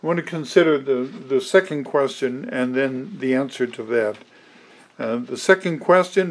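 A man preaching an expository sermon, teaching at a measured pace with frequent ums and restarts. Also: mid-range voice.

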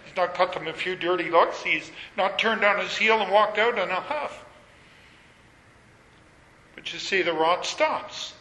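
A man preaching a sermon, measured and emphatic, leaning on repetition. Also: sits high, bright, forceful tone. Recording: echoey hall with long reverb.

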